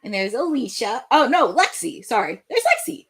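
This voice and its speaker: A young woman hosting a live wrestling watch-along, giving excitable play-by-play commentary that bursts into shouts at big moments. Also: fairly high pitch, normal speed, husky, soft background music.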